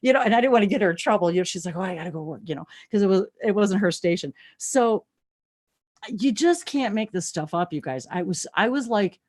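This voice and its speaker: A woman's voice: medium pitch, lively intonation, brisk, darkish tone. A woman in her sixties, co-hosting a live stream, tells a story in a bubbly, breathless way, laughing often and squealing when thrilled. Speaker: co-host of a live channeling broadcast. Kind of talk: excited storytelling chat. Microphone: webcam on a video stream.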